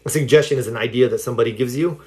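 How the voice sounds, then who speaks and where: A man of middling pitch speaks casually to a livestream audience about self-help. He tells stories loosely, padding them with fillers as he goes. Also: racing, darkish tone. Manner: rambling storytelling with many fillers. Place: home livestream.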